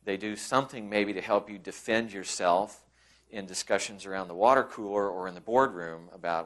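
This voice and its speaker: At a moderate pace, a man with a fairly low, fairly bright voice presents a conference session. He talks conversationally, restarting often and performing the lines of quoted colleagues.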